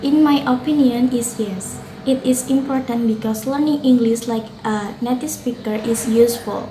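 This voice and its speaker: A woman's voice: a little high, normal speed, mellow. Earnest Indonesian-accented young woman student. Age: young adult. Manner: earnest, with occasional slips and self-corrections. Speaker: student presenter. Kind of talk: reading a prepared class reflection. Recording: roomy, with faint noise.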